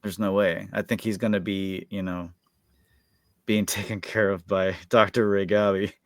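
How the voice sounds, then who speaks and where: Recapping an episode, a male podcast co-host rambles loosely, his fairly low voice tying ideas together with nonstop filler words. His tone stays level at a normal speed, and the recording is dry and close, without any echo or room sound.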